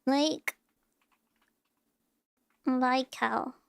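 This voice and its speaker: High-voiced, excitable woman streamer. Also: very slow, gravelly, slight background noise. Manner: excitable, giggly, chatty. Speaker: VTuber streamer. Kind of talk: reacting to videos on a live stream.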